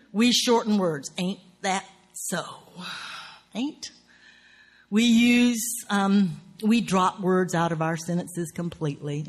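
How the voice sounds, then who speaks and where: A writing teacher with a Southern US accent, lecturing on craft in an earthy, profane, wry way with folksy grammar. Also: mid-range voice.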